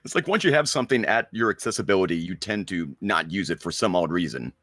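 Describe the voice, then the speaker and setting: Low-voiced man with dry teasing asides. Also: lively intonation, fast talker, a bit bright, no room sound, faint music behind. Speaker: co-host. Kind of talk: casual livestream chat.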